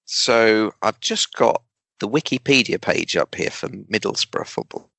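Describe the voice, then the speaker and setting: A man, a guest speaker and humorist, talking in a casual interview with animated emphasis, dry jokes and deliberate pauses. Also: on the low side, gravelly, dry recording.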